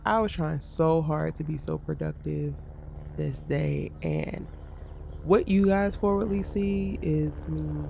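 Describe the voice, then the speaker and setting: A woman's voice: sits low, creaky, noisy background. A woman content creator talking frankly to camera in a vlog, venting about the pressures of her day. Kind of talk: candid vlog monologue.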